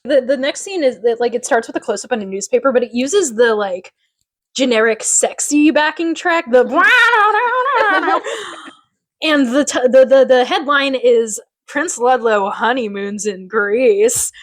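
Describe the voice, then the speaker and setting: A woman co-hosting a podcast, recapping a TV episode in casual chat with animated, giggly asides. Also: high-pitched, measured pace, no echo. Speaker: podcast co-host.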